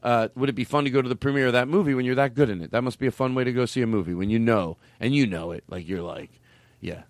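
A man's voice: medium pitch, quick pace, no echo. A man hosting a comedy podcast in loose, riffing chat, laughing often and trailing off mid-thought. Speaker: podcast host.

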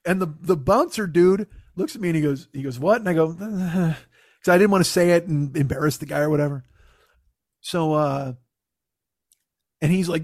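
A man spins a casual, profane anecdote, slipping into other people's voices as he quotes them. His voice sits a little high for a man and sounds dry and close to the mic, with no room behind it. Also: a little fast, no echo. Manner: profane, animated, acts out quotes. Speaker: storyteller. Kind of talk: casual storytelling.

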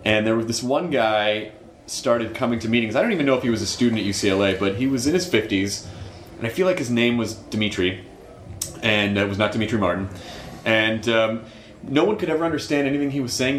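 A man's voice: mid-range voice, brisk, slight background noise. A man hosting a podcast, chatting loosely, with stammered restarts. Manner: stammering, loose, laughing easily. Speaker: podcast host. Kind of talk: casual chat. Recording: roomy echo.

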